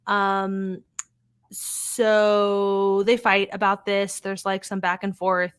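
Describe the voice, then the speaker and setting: Give me a chatty woman at a middle pitch recapping a show in a dry, close recording. She swears casually, laughs along, and tosses off quick paraphrased lines from the characters. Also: little pitch movement, smooth, dry recording. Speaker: podcast host recapping a TV episode.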